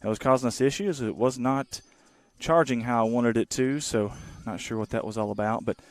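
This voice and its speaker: A man in his thirties giving casual, rambling live play-by-play of a softball game from the field outdoors. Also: mid-range voice, moderate pace. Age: 30s. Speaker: sports webcaster.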